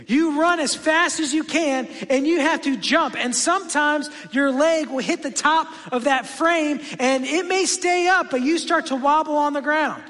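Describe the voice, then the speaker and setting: A man's voice: very high voice, a bit bright. A man preaching a sermon in a church, talking in a conversational, anecdotal way with frequent asides. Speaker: pastor. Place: church sanctuary. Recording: long church reverb.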